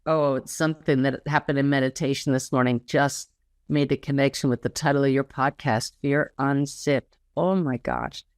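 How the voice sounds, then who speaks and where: A woman author being interviewed, speaking earnestly and slowing down to stress quoted words. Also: rumbling low, fairly even intonation, dry recording, clean studio sound. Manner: earnest, slows down when quoting guidance. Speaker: interview guest, spiritual author. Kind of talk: casual conversational interview.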